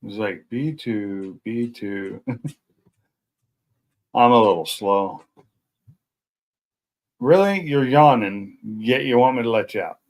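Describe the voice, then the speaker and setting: A man's voice: mid-range voice, expressive, slow, pauses often. Chatty man hosting a stream from home. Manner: rambling, chatty, self-deprecating. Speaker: live stream host. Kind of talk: casual chat. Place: at home at night.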